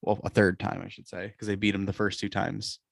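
A man's voice: lowish voice, flat delivery, fairly quick, creaky, fairly bright tone, no room sound, studio quality. A man hosting a casual sports podcast, joking and laughing often as he leads the chat. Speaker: podcast host.

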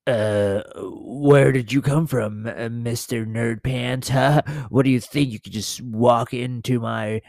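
A man playing a hoarse, scoffing talk-show host. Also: medium pitch, fairly even intonation, slow, hardly any pauses, darkish tone, dry recording. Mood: mocking. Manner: scoffing, mocking retorts. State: losing his voice. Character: brash male conspiracy talk-show host. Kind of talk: improvised comedy sketch.

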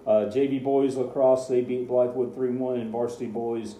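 A man's voice: medium pitch, level tone, moderate pace, few pauses, mellow, reverberant, slight background noise, low-quality recording. A man co-hosting a casual sports talk show, running through game scores with dry sarcasm. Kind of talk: casual radio sports chat.

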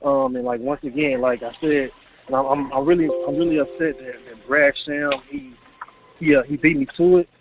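A man's voice: medium pitch, steady tone, moderate pace. A man calling in to a sports show, fervent and rambling, with lots of "like.". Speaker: caller. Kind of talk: casual phone call-in. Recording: tinny phone line with faint hiss.

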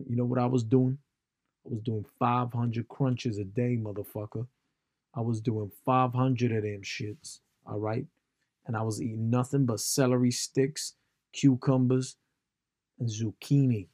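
Casting: a man doing a swaggering American gym bro, gravelly voice, dry sound. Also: medium pitch, fairly even intonation, measured pace, darkish tone, dry recording, natural voice. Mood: boastful. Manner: bragging, swaggering.

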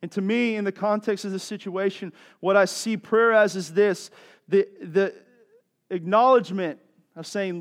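A man's voice: sits high, a little slow. A man preaching a sermon as a pastor, impassioned and repeating phrases for emphasis.

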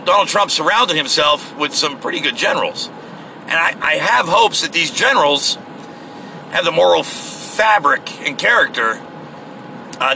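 A man's voice: on the high side, gravelly, bright, forceful tone, slight background noise. A man rambling and swearing with lots of fillers in a casual talk from inside a moving car. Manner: rambling, profane, frequent fillers. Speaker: vlogger. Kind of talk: casual driving rant.

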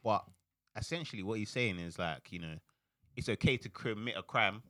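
Deep-voiced young guy, calm and soft-spoken, chatting on a podcast, dry sound. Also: normal speed, no echo. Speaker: podcast co-host. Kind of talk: casual chat.

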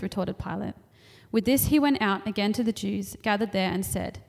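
A woman with a mid-range voice reads scripture aloud, keeping a steady, measured delivery.

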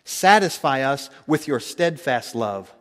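A man preaching a sermon, emphatic, swinging between loud declarations and hushed tones. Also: mid-range voice, animated, slow pace, long reverb tail.

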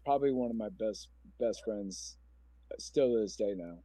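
Guesting on a podcast, a man in his forties from Omaha, Nebraska, talks through his own story in a heartfelt, meandering, emotional way. His lowish voice is mellow and moderately paced, recorded with no room sound.

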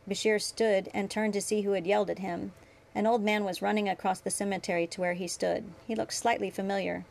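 A woman reading her fan fiction aloud in a steady narrating manner. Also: medium pitch, a little fast, creaky. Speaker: story reader.

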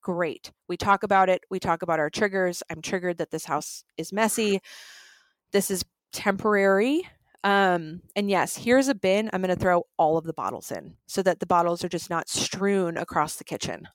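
A woman's voice: lowish voice, normal speed, no echo. A woman who talks casually through relationship advice and acts out the lines of quarrels. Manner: animated, acts out quoted lines. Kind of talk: conversational explaining.

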